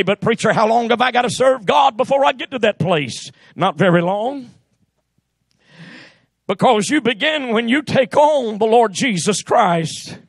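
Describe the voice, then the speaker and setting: A man preaching a fervent Pentecostal sermon in a church, shouting his phrases and dropping "uh" between them. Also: very high-pitched, vocal fry, breathy edge, no echo. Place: church sanctuary.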